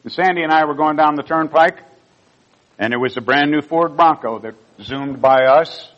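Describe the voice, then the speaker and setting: An older man, a pastor, tells personal stories in a sermon with earnest, heartfelt storytelling, his emotion rising at key moments. His voice is a little high, his speed normal, and the sound lo-fi.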